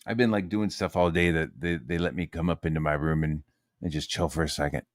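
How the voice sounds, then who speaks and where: A man's voice: extremely low pitch, a little fast, dry recording, clean studio sound. A man streaming from his room, ranting casually and swearing a lot. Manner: profane and heated, lots of swearing.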